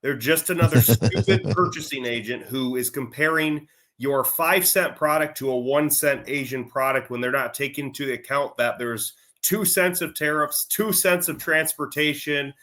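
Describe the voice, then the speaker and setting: A man's voice: medium pitch, moderate pace, hardly any pauses, fairly bright tone. A man co-hosting a casual talk show, explaining his argument point by point. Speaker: co-host. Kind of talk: casual conversational chat.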